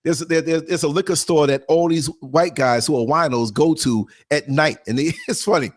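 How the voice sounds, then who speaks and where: Animated man telling a story. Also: fairly high pitch, moderate pace. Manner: animated, acts out quotes, emphatic repeats. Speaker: podcast host and former bus driver. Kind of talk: casual storytelling.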